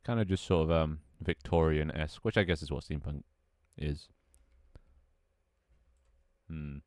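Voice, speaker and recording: A man's voice: rumbling low, a little slow, dry recording. A man streaming a game and chatting casually, rambling, swearing freely and reacting to his chat. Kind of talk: casual gameplay livestream commentary.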